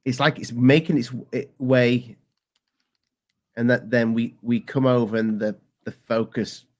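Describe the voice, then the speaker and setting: A man co-hosting a casual podcast chat, talking haltingly and restarting his sentences. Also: mid-range voice, little pitch movement, darkish tone. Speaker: co-host.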